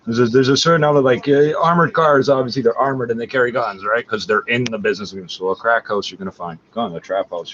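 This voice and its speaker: A man with a lowish voice rants on and on, swearing and agitated, and drifts from point to point as an internet radio host. The recording is dull and lo-fi, with a faint hiss of background noise. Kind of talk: profane rambling monologue.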